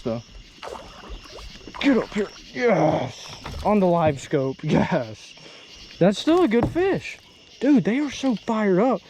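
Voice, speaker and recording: A young man vlogging from a boat on a night fishing trip, excitedly exclaiming as he talks, with crickets behind him outdoors. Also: fairly high pitch, slight background noise. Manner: excitable, exclaiming, breaks into whoops. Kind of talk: excited outdoor vlog commentary. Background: crickets and insects at night.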